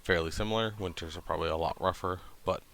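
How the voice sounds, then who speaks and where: A man in his thirties from New Hampshire, talking casually to camera in a flat, monotone way with lots of hesitant ums. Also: low voice, quick pace, creaky. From New Hampshire, USA. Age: 30s. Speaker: channel host.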